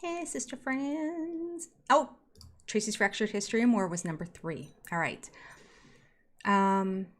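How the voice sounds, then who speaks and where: A woman's voice: medium pitch, unhurried, long pauses. A woman in her sixties hosting a casual live stream, reading out viewer comments with little laughs and chatty asides. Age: 60s. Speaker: YouTube host reading live chat.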